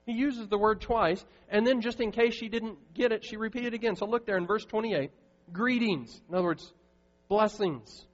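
A man's voice: high-pitched, moderate pace, in a large hall, lo-fi sound. A man preaching a sermon as pastor, earnest and emphatic, often restarting his sentences. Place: church sanctuary.

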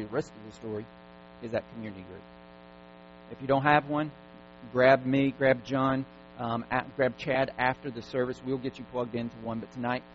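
A male pastor preaching a sermon, driving his points home through repeated commands. His voice sits at an ordinary middle pitch. The recording sounds dull and lo-fi, with a faint mains hum underneath. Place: church service.

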